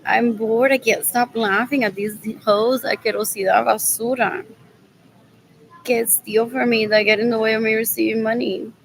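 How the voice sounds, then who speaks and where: A woman's voice: fairly high pitch, fairly even intonation, normal speed, gravelly, slight background noise, poor audio. A woman vlogging in a loose, rambling monologue, muttering scornful remarks and repeating the same phrases over and over. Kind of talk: casual rambling monologue to viewers.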